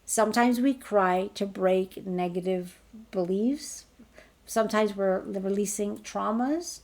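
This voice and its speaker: Woman, healer type, gentle and reassuring, slight vocal fry, mid pitch. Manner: gentle, reassuring, slow guiding delivery. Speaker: spiritual healer leading a group healing call. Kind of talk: guided healing talk.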